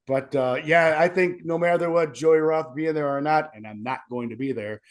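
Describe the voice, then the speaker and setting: A man's voice: on the high side, normal speed. A young man, a wrestler with sore ribs, rambling and self-pitying in a casual interview. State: sore ribs, wincing in pain.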